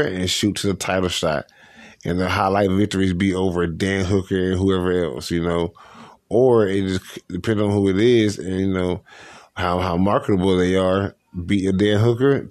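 A young man with a very low voice hosts a casual solo podcast. He talks loosely and slangily and circles back over his own points. The sound is dry and close to the mic, with no room echo. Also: darkish tone. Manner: loose, slangy, repeats himself. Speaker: podcast host. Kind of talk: casual solo podcast chat about fights.

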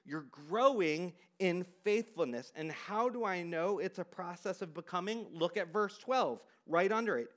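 A man preaching a sermon in a high, swooping voice that climbs and falls all over. He asks the congregation questions, then sinks to a hush on the words he wants to land. It plays as an earnest, emphatic pastor. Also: lively intonation, slow pace. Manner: emphatic, dropping to quiet for stress.

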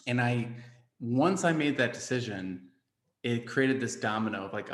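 A man's voice: medium pitch, unhurried, a bit bright. A man hosting a podcast, talking in a loose, reflective way with plenty of fillers. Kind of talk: casual podcast conversation. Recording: roomy echo.

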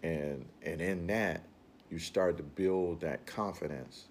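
Speaking slowly and earnestly, a very deep-voiced man delivers a loose motivational talk, circling his point and frequently repeating himself. Behind him there's a faint room ambience and a slight hiss or hum.

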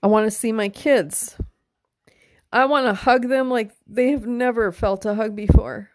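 A woman's voice: on the high side, fairly even intonation, unhurried. A middle-aged woman hosting a casual podcast monologue, talking candidly and with heart, swearing freely and open about her feelings. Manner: emotional, openly tearful at times. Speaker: podcast host.

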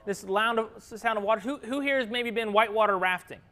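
Lively man preaching a sermon. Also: sits high, brisk. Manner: lively, asks the room questions, laughs easily. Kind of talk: sermon with audience questions.

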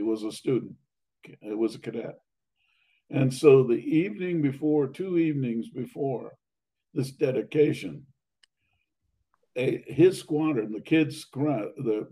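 An older man reminiscing about his academy days, halting with many fillers and restarts, his voice going hoarse and his throat needing clearing. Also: mid-range voice, lively intonation, mellow, poor audio. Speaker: interviewee, academy alumnus. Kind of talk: reminiscing conversation.

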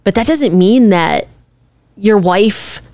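A woman's voice: mid-range voice, expressive, slow pace, darkish tone, no room sound. A woman co-hosting a podcast with her husband, talking earnestly and emphatically in a conversational way. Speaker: podcast co-host, wife. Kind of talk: casual podcast chat.

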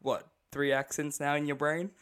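A young man with an Australian accent co-hosting a casual podcast, jokey and quick to laugh. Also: fairly high pitch, clean tone. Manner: animated, laughs often, jokey. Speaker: podcast co-host.

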